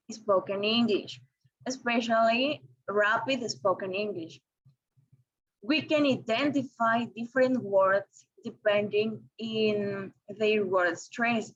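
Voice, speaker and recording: A young woman with Spanish as her first language, giving a careful, deliberate lesson presentation in English. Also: a little high. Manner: careful, deliberate, with small restarts. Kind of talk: read-aloud lesson presentation. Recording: dull lo-fi recording.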